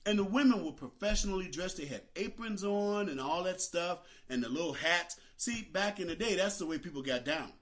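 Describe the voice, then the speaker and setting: An older man hosting a talk show, telling a childhood story with dramatic, animated delivery. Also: high-pitched, brisk, hardly any pauses. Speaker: host.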